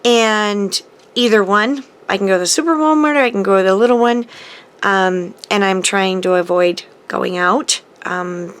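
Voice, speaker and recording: A woman's voice: medium pitch, moderate pace, clear, resonant tone. A middle-aged woman hosting a papercrafting channel, chatting casually and gushing about mail she received, with frequent ums and restarts. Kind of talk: casual happy-mail chat to camera.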